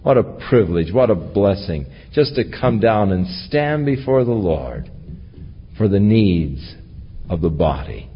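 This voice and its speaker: Pastor, male, husky and unhurried, lively pitch, verse-by-verse preaching, dull recording with long reverb. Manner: reads scripture aloud, then explains it verse by verse. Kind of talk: expository sermon.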